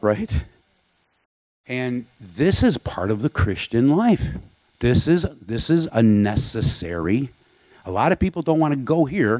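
A man's voice: mid-range voice, a little mellow, dry recording. A man preaching a sermon in a candid, conversational way, with asides and rhetorical questions. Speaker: pastor.

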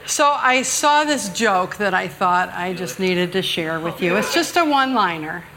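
A woman's voice: mid-range voice, expressive, unhurried, a crowd in the background. A middle-aged woman preaching a conversational sermon at church, joking and self-deprecating with the congregation. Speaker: guest speaker preaching at church. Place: church sanctuary.

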